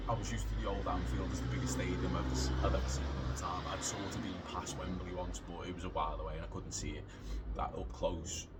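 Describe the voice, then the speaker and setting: A deep-voiced man in his late thirties tells a long anecdote in a loose, chatty way. He rambles and restarts, swears casually and leans on fillers. There is a faint hiss of noise behind him. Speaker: podcast storyteller.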